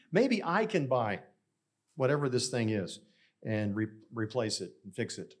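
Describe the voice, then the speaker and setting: A middle-aged male pastor delivering a sermon. He talks in a relaxed, conversational storytelling manner and turns to the congregation now and then to keep them with him. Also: mid-range voice.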